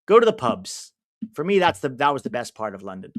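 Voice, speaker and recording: Lively American man hosting a live stream. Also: medium pitch, a little fast. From United States. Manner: chatty, answers viewers' comments, bursts of excitement at chances. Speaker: watch-along host. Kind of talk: live-stream chat and match reactions.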